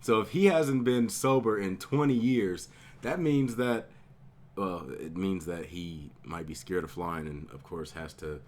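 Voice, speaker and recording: A man commenting casually on a clip, musing and thinking aloud as a reaction host. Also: on the low side.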